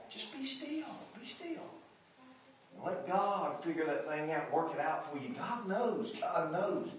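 A man's voice: a little high, slight background noise. A man preaching a sermon in folksy, plain-spoken speech. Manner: folksy, dialect grammar, builds from hush to shouting. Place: church. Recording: echoey hall from far off.

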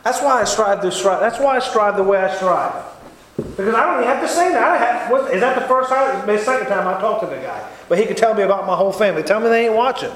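Man, high voice, earnest testimony sermon, emphatic and repetitive, very echoey church, faint noise. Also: lively intonation, quick pace, fairly bright tone. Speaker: lay preacher giving testimony.

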